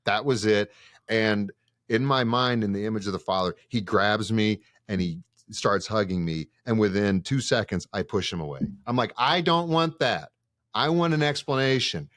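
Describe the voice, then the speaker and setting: Low-voiced seminarian telling a story. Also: male voice, dry recording, clean studio sound. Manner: animated storyteller who acts out quoted dialogue. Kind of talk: casual podcast chat.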